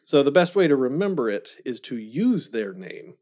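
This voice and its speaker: A podcast co-host in casual chat, giving steady, practical advice. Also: medium pitch, normal speed.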